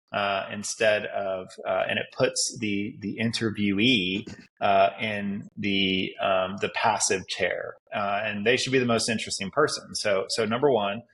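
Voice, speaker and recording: A man with a fairly low voice and a gravelly, fry-edged tone, speaking as a police detective guest. He explains his advice methodically, laying it out in numbered steps in an easygoing podcast chat. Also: fairly bright tone, poor audio. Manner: instructive, lays out numbered advice. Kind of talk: podcast conversation.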